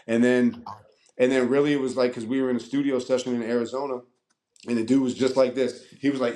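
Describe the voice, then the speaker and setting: A man in his forties from Annapolis, Maryland, telling stories as a guest in a casual interview, profane and animated, acting out the voices of people he quotes. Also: medium pitch, brisk. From Annapolis, Maryland, USA. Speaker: guest rapper.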